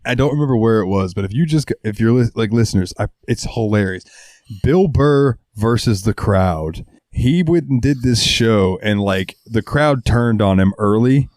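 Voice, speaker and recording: A young man chatting on a podcast, his voice a little worn and strained. He talks in a laid-back way, swears freely and keeps clearing his throat. The sound is dry and close. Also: fairly low pitch, lively intonation, moderate pace, a little mellow, dry recording. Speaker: podcast co-host. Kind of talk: casual chat.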